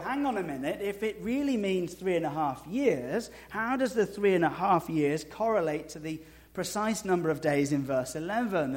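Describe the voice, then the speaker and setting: A man preaching a sermon in a conversational way with dry humor, dropping to slow, soft emphasis and rising to loud, high asides. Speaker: pastor.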